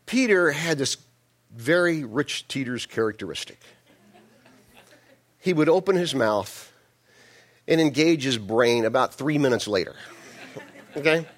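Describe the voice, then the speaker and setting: A man's voice: mid-range voice, expressive, measured pace, pauses often. A male pastor giving a sermon, telling the story in a folksy, joking way with many restarts.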